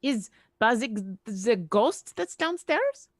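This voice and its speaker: Woman tabletop player, playful, animated pitch, dry recording. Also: slow pace, no echo. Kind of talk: tabletop game play.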